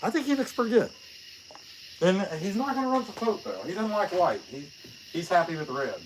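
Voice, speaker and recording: Slight background noise sits under this man's high, somewhat quick voice. Hosting a carving livestream as a chainsaw carver, he keeps things casual, wandering off on tangents, joking around, dropping frequent fillers, and telling stories with energy.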